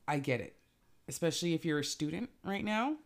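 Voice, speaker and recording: A woman's voice: deep voice, expressive, fairly quick. A woman co-hosting a casual podcast chat, joking, laughing often and rambling between topics. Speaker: podcast co-host.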